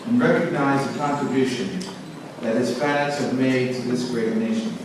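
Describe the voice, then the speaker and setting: Earnest man giving a formal speech. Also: medium pitch. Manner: measured, earnest, proud. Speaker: company executive introducing a speaker. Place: large reception hall. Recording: echoey hall, from far off, noisy.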